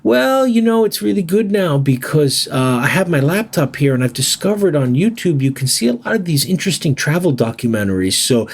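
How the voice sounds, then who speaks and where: A man's voice: on the high side, big pitch swings, brisk, creaky, few pauses, voice pushed up, full character voice. A man quoting a friendly old male jazz bar owner in a lightly raised, easygoing voice. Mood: content.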